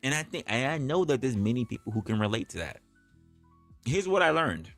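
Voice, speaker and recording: A man's voice: mid-range voice, big pitch swings, fairly quick, a bit bright, faint music behind. A man hosting a livestream, talking bluntly and casually with plenty of profanity. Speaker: livestream host.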